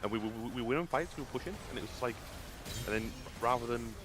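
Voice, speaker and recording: A man's voice: mid-range voice, fast talker, noisy background. A man chatting casually while gaming, telling a rambling story full of restarts. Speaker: gamer.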